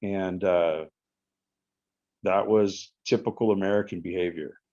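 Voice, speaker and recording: A man drops into a calm, soft-spoken male friend who lectures in a low, hushed, measured voice. The sound is a bit dull, like a home podcast recording. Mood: quietly scolding. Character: calm adult male friend, quietly scolding.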